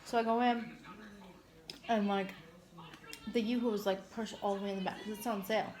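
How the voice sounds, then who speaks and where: A woman's voice: mid-range voice, fairly even intonation, brisk, noisy background. A woman hosting a casual eating stream, chatty and swearing freely as she tells stories. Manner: chatty storyteller, swears casually, laughs often. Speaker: mukbang host. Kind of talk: casual chat while eating.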